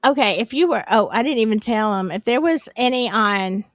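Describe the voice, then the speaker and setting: A woman's voice: on the high side, expressive, fairly quick, no room sound, studio quality. A woman hosting a live stream, chatting casually and apologizing in a flustered, rambling way. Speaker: livestream host.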